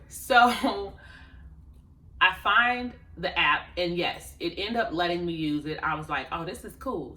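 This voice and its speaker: A woman chats to camera as a vlogger, animatedly retelling her day and laughing between quoted asides. Her voice sits a bit low and comes out bright and forceful. The room around her is echoey. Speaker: life coach and vlogger. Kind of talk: casual storytelling to camera.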